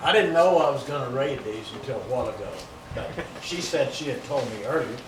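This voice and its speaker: A man reading written eulogies aloud at a memorial in a loud, plain-spoken way, adding asides. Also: mid-range voice, expressive, a little fast. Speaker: brother-in-law reading eulogies. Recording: echoey, distant, noisy outdoor video.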